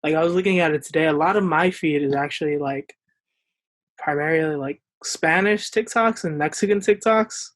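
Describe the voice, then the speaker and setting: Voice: mid-range voice, moderate pace, no room sound. A podcast co-host chatting casually, laid-back and joking with fillers. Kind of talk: casual chat.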